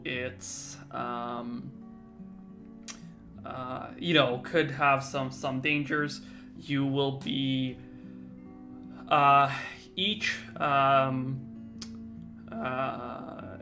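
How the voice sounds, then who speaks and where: A young man narrating as game master, halting often with fillers and restarts. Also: medium pitch, pushed and bright. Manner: hesitant, many fillers and restarts.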